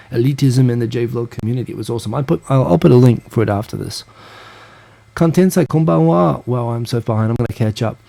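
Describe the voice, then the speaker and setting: A man hosts a live stream in a relaxed, rambling way, drifting through asides as he answers viewer comments. His voice is gravelly, with a dark, mellow tone and mid-range pitch. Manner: rambling and chatty, with frequent fillers and asides.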